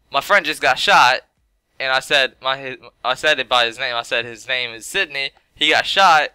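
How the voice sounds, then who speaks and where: A man's voice: medium pitch, clear, resonant tone, no room sound. A young man casually rambling through a personal story over gameplay, full of fillers like "like" and "you know". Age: young adult. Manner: rambling, filler-heavy, animated retelling.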